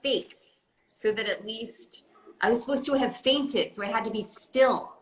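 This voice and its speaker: A woman chatting casually on a phone live stream, telling stories in an animated, giggly way. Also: on the high side, measured pace. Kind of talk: casual chat. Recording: echoey room, faint noise.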